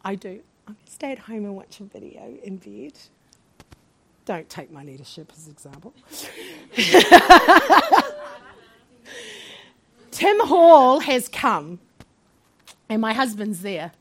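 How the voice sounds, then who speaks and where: A woman pastor sharing a testimony from the pulpit. Her voice sits high and swoops widely as she tells the story with animation and frequent laughter. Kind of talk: sermon testimony.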